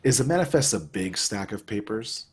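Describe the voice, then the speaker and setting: A man's voice: lowish voice, expressive, normal speed, husky. A man playing a tabletop game, talking in a laid-back way. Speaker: player. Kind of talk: casual tabletop game play.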